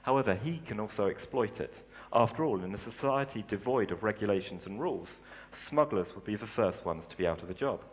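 A man's voice: on the low side, animated, a little fast. A man giving a sermon, reading story passages aloud and explaining them plainly. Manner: reads aloud expressively, then explains plainly. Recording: long hall reverb.

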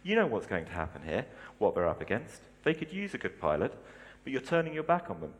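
A man's voice: lowish voice, wildly swooping pitch, fast. A man voicing an earnest, frustrated young male pilot as he reads a story aloud. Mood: indignant. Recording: long hall reverb.

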